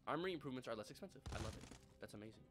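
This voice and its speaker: A man hosting a let's play, talking through a strategy game with excitable, mock-outraged outbursts. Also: medium pitch, racing. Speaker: gaming host. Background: game music and sound effects.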